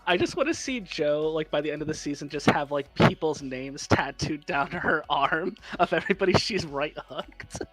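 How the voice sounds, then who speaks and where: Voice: medium pitch, expressive, normal speed, few pauses, a bit bright, faint music behind, low-quality recording. A player in a tabletop game, joking playfully with the group. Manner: playful and laughing.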